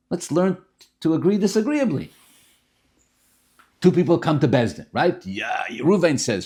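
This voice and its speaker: Animated man teaching a Torah class. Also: fairly high pitch, normal speed, long pauses, husky. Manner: animated, repeats himself, restarts phrases. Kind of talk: Tanya class.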